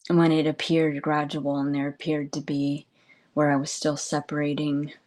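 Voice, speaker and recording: A woman, a spiritual teacher, giving a meditative talk, soft and meandering, with frequent "you know" and light laughter. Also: low-pitched, monotone, normal speed.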